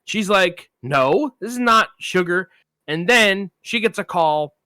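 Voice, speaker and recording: Speaking slowly in a high voice, with no room sound, a man co-hosts a film podcast. His long anecdote comes out in easygoing chatter, and he lively plays the part of each person he quotes.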